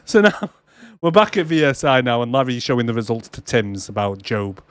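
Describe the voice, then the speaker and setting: Lively, laughing man recapping a film. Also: medium pitch, brisk, clean tone, no echo, clean studio sound. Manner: laughs often, acts out quotes in mocking voices, swears a lot. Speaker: podcast co-host. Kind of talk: casual movie recap chat.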